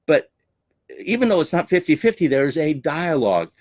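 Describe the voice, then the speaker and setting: A man's voice: a little high, very animated, moderate pace, a little mellow, no echo. A man coaching on sales with a theatrical, emphatic way of talking. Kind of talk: teaching talk on selling.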